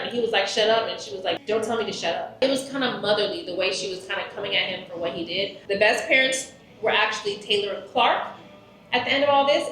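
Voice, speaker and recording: A woman's voice: mid-range voice, fairly bright tone. A woman co-hosting a recap podcast, chatting casually and laughing as she sums up a reality show. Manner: chatty, laughs often, summarizes plot. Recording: very echoey room.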